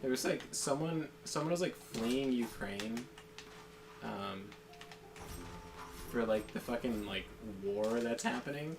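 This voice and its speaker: A man's voice: medium pitch, slow pace, pauses often, background noise. A man chatting casually during a game session, ranting in a profane, rambling way and often breaking into laughter. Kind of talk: casual chat. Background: game music.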